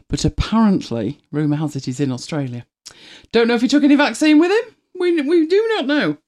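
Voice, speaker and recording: Woman chatting live with her viewers, lowish voice that swoops around a lot, teasing and chatty. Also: dark tone. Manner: chatty and teasing, with frequent laughs. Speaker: livestream host. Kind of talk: casual live chat with viewers.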